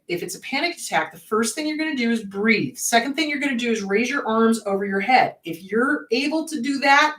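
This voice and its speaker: A woman's voice: mid-range voice, a bit bright. A woman therapist hosting a show, talking casually and acting out panicked inner voices as she explains. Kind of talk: casual educational talk. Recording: roomy echo, distant from mic.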